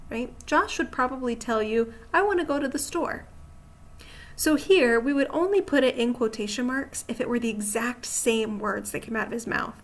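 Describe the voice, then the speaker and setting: A woman's voice: fairly high pitch, fairly bright tone. A woman teacher patiently walking through slides on a grammar lesson, often checking in with the listener. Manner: patient, explanatory, asks rhetorical check-in questions. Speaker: writing teacher.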